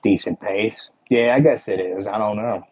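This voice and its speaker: A man's voice: fairly low pitch, moderate pace, breathy edge, muffled recording. A man with a Philadelphia accent chatting casually with his livestream viewers, rambling and full of "like" and "you know".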